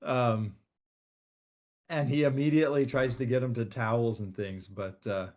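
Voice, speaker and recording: A man's voice: mid-range voice, steady tone, normal speed, darkish tone. Male co-host, mid-range voice, casual storyteller who rambles and restarts. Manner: rambling, full of fillers and restarts when telling stories. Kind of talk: casual chat about a card game.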